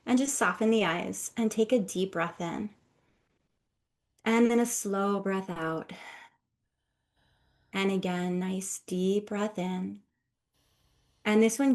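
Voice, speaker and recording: A woman who works as a somatic healer, leading a guided breathing exercise with soft-spoken, calm instructions and affirming encouragement. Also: mid-range voice.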